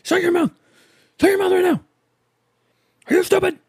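A man voicing his short-tempered father, shouting insults at his son in a high, strained yell. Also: fairly even intonation, fairly quick, gravelly, heavily acted. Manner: screaming insults, explosive. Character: furious shouting middle-aged dad, short-tempered.

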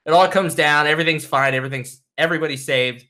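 A man's voice: on the high side, quick pace, bright, forceful tone. A man in casual chat, retelling an anime scene in a rambling, enthusiastic way with lots of fillers.

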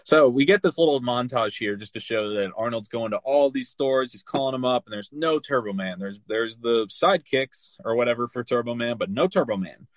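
A man's voice: medium pitch, a little fast, few pauses, no echo. A young man hosting a casual movie podcast, talking loosely with lots of fillers and bursts of laughter. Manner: animated, laughing, quoting scenes in put-on voices. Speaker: podcast host.

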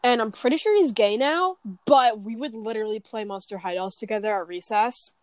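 A young woman in casual chat, telling animated stories with giggles, swearing and acted quotes. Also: fairly high pitch, fairly quick, no echo.

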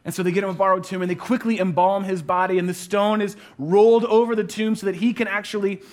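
A man with a notably high voice preaches a sermon, telling a scripture story in a lively way. He throws in wry asides, then sinks into a quiet, hushed delivery for reflective moments. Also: quick pace. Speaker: pastor.

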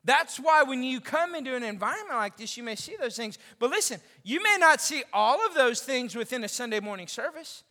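High, bright-voiced male pastor preaching. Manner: animated and conversational, with joking asides. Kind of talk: sermon. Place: large church during a service. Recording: long reverb of a large church hall.

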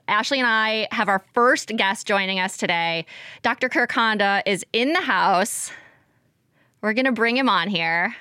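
A woman's voice: a little high, moderate pace, pushed and bright, clear, resonant tone, dry recording, clean studio sound. A woman co-hosting a casual podcast chat, chatty and laughing lightly mid-sentence. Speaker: podcast co-host.

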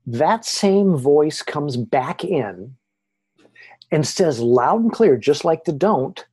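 A man who is a guest on a podcast, telling stories in an animated, excited way. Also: fairly high pitch, takes it slowly, husky. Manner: excited, lively retelling. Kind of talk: animated storytelling.

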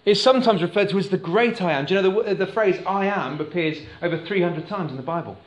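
A man's voice: high voice, fast talker, roomy sound. A man preaching a sermon to a congregation in a church, conversational and asking the room questions. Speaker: pastor. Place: church hall.

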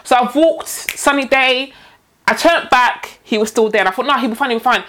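A woman's voice: high voice, brisk. A young woman telling a story in casual chat, acting out the voices of the people in it. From Nigeria. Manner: animated storyteller, acts out quoted voices.

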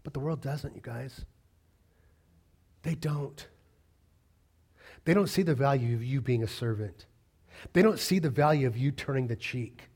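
A man's voice: mid-range voice, a little slow, pauses often, a little mellow, breathy edge. A man preaching a sermon in a conversational way, often asking the congregation questions. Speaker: pastor.

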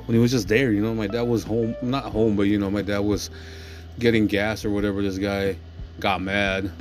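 A man's voice: lowish voice, flat delivery, normal speed, faint music behind. A man hosting a podcast, ranting aggressively with constant swearing and asking "you know what I'm saying" again and again. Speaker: podcast host. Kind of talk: profane ranting monologue.

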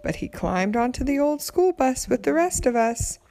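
A woman reading a children's picture book aloud, narrating gently and clearly. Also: fairly high pitch, lively intonation, unhurried, hardly any pauses. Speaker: storybook reader.

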